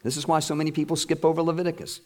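A middle-aged male preacher delivers a sermon as animated storytelling. His voice sits fairly high, and long reverb from the hall trails after each phrase. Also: racing. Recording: echoey hall.

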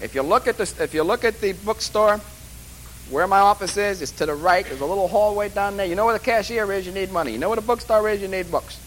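A man's voice: high-pitched, quick pace, a bit bright, slight background noise, low-quality recording. A man lecturing a class at a course orientation, rambling and joking with emphatic asides. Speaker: college instructor.

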